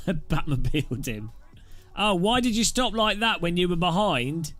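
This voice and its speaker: A man's voice: sits high, lively intonation, measured pace, a bit bright, soft background music. A man giving casual, jokey commentary over his sim racing gameplay and laughing often.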